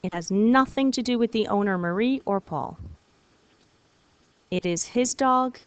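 A woman French teacher giving a recorded video lesson, patient and encouraging, repeating words slowly for her students. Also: a little high, clean tone, no room sound.

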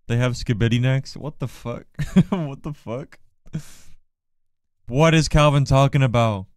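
A man's voice: medium pitch, slow, pauses often, a little mellow, no echo. A man streaming live, chatting casually and trading teasing jokes with his viewers. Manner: joking, teasing banter. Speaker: livestreamer. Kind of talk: casual livestream chat.

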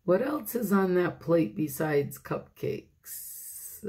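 A woman pastor reading a picture book aloud to children, animated, laughing often and talking to her listeners. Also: on the low side, very slow, slightly rough.

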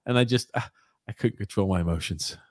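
A man hosting a casual sports podcast, animated and joking as he rants. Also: lowish voice, a little fast, no echo, clean studio sound. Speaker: podcast host.

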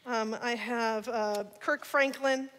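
A woman giving an energetic church talk, sharing personal testimony with laughter and playful asides. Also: a little high, slow pace. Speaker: guest speaker. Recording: long church hall reverb.

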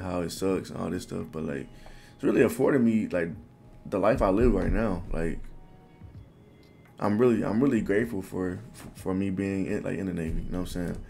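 A man in his twenties telling a personal story to the camera in a casual, animated, slangy way. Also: low-pitched, vocal fry, slight background noise. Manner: animated, loose slangy talk full of "bro". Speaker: vlogger.

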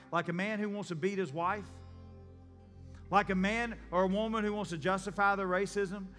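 Storytelling pastor in a reverberant church. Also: male voice, high-pitched, pushed and bright. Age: adult, a parent. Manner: conversational storytelling, acts out voices. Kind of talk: sermon. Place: church sanctuary. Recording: long church reverb, faint music.

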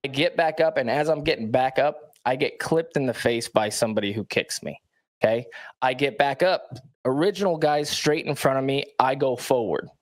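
A man's voice: medium pitch, moderate pace. Blunt, emphatic male athlete recounting. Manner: blunt, emphatic, keeps checking in with "okay?". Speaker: professional athlete telling his story. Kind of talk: storytelling in a played clip.

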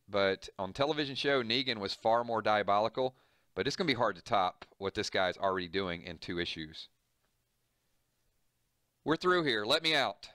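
A man's voice: lowish voice, bright, forceful tone, no echo, studio quality. A man reading a comic book aloud and explaining it, moving from the panels to casual, serious commentary.

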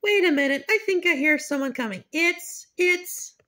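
A woman's voice: very high-pitched, sharp tone. A woman voicing a little girl bear cub who whines and pleads, in a fan-made cartoon. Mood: indignant. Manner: whiny, pleading, quick to cry out.

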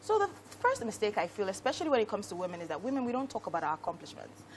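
A woman guest on a morning TV show giving branding advice, talking quickly and emphatically and often asking "right?". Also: mid-range voice, huge pitch swings, crowd noise.

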